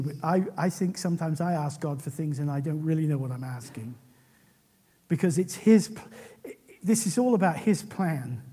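A man preaching a sermon, animated and often restarting his sentences. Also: sits high, slightly rough.

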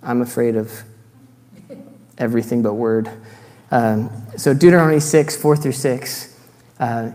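A man's voice: mid-range voice, fairly even intonation, moderate pace, dark tone. Man preaching in a reverberant hall. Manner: earnest teaching with scripture readings, self-deprecating asides. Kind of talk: sermon.

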